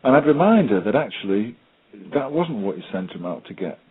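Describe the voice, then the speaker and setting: A British man, working as a special needs technology trainer, gives a webinar in a husky, fairly low voice that's lively and brisk. He hesitates a lot, filling his talk with ums and anecdotes. The audio sounds thin and tinny, like a phone line.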